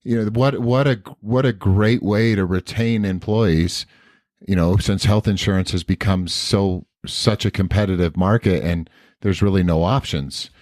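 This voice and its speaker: A tired man with a very deep voice co-hosts a casual podcast, rambling and restarting his sentences. The recording is dry and close. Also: measured pace, a little mellow, no room sound. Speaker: podcast co-host.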